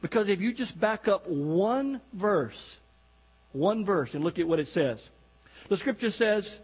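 A man's voice: high voice, animated, moderate pace, slightly rough, long reverb tail, poor audio. A man preaching as a guest pastor, folksy and joking, talking directly to the congregation. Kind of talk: sermon. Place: church sanctuary.

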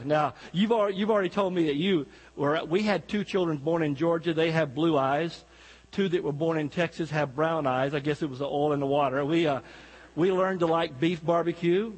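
Husky high-voiced folksy preacher man. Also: long reverb tail, rough recording. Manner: folksy, joking, talks directly to the congregation. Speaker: guest pastor. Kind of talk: sermon. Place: church sanctuary.

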